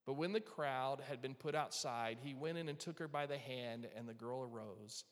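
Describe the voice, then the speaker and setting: A man's voice: medium pitch, normal speed. Man preaching in a reverberant hall. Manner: earnest preaching, softening to a hush for quoted words of comfort. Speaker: pastor. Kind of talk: sermon. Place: church hall with live and online audience.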